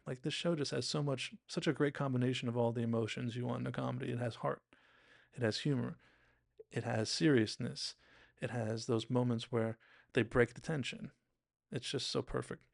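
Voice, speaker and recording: Guy with a gravelly voice rambling excitedly about a show episode, dry sound. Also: mid-range voice, moderate pace, no echo. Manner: chatty, enthusiastic, acts out quotes, many "like"s. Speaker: TV recap podcast host. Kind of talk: casual episode analysis.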